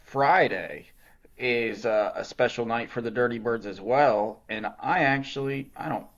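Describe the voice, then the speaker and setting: A man's voice: mid-range voice, a little slow, lo-fi sound. A man co-hosting a podcast in casual, rambling chat, swearing now and then. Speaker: podcast co-host.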